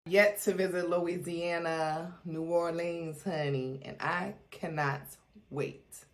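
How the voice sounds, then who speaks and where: A woman's voice: fairly low pitch, steady tone, faint music behind. A woman hosting a reaction video with playful, casual commentary. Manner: playful, drawn-out, laughing asides.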